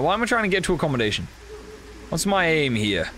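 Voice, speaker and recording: A man streamer giving casual commentary while playing a horror game, excitable, swearing often and chatting with his viewers. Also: a little high, fast talker, noisy background.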